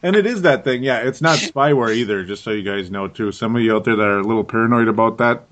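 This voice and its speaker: A man's voice: lowish voice, fast, a bit bright. A tired man hosting a casual sports podcast, laughing often and restarting his sentences. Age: young adult to middle-aged. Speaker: podcast host.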